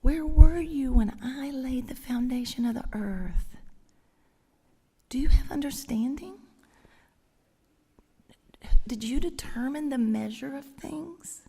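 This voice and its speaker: Whispered role-play: God as a tender, hushed voice, put on by a woman preacher, in a church with a long echo. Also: sits high, measured pace, husky, pitched above the performer's own voice, exaggerated voice. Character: God speaking gently to a suffering man.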